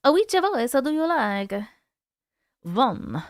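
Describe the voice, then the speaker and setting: A woman's voice: sits high, expressive, normal speed, a bit bright, clear, resonant tone, dry recording, studio quality. A woman in her thirties hosting a livestream, chatting playfully with viewers and reading their stories aloud. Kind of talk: casual live chat and story reading.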